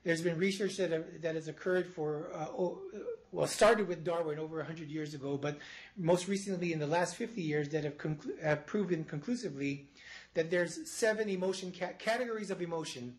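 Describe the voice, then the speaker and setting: Higher-voiced man giving a lecture. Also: moderate pace, poor audio. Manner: explanatory, restarts phrases, demonstrates gestures. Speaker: psychology professor. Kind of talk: live lecture to a studio audience. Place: university studio before an audience.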